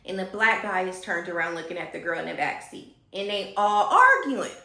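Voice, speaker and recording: Woman, casual storytime, gossipy and animated, bright tone, echoey room. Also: medium pitch, moderate pace, creaky. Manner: animated, gossipy, talks to viewers as y'all.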